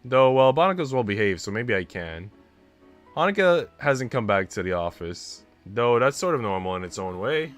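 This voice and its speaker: A man streaming himself reading a visual novel aloud, expressive and reacting out loud between lines. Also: medium pitch, normal speed, soft background music. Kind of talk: dramatic read-aloud with commentary.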